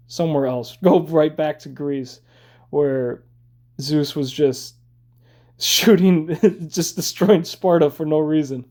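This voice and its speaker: A man's voice: on the high side, warm tone. A man ranting in a casual, rambling way while he draws, blunt and swearing, with lots of fillers. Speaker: drawing video creator. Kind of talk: casual rant while drawing.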